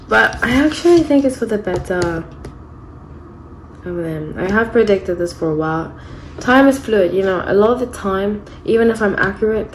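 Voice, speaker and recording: A woman in her thirties talks through a tarot reading in a loose, rambling way and often restarts her sentences mid-thought. Her pitch sits in an ordinary middle range. A faint hiss of background noise is under the voice. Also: poor audio. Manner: chatty, rambling, frequent self-corrections. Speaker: tarot reader. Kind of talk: casual tarot reading monologue.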